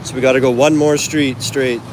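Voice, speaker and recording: With a mid-range, steady voice and a brisk pace, a man walks an outdoor street market talking to his phone camera. As a travel vlogger, he keeps it rambling and casual, chatty, with self-correcting asides. Traffic and street noise can be heard behind him, captured on a handheld phone.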